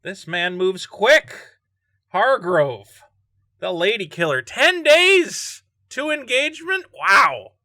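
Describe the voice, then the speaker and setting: Man, high bright voice, jokey true-crime vlog commentary, dry close sound. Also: takes it slowly, no room sound. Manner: joking, laughs often, animated asides. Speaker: vlogger.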